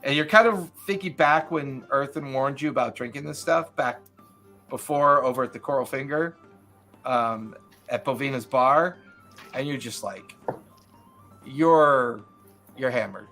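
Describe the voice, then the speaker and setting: A man's voice: mid-range voice, a little slow, pauses often, bright, forceful tone. A man narrating as game master in casual, rambling style, with faint music behind.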